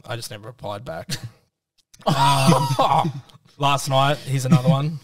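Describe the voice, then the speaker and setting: A man's voice: mid-range voice, slow pace, vocal fry, dry recording, recorded from a distance. A man, co-hosting a casual podcast and reading out messages in a playful, mocking way. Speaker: podcast co-host.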